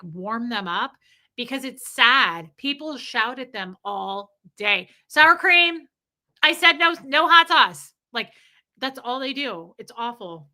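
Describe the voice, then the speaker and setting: A woman, ranting casually to her live stream chat and acting out the people she talks about. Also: medium pitch. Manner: animated, acts out people in quick quoted voices.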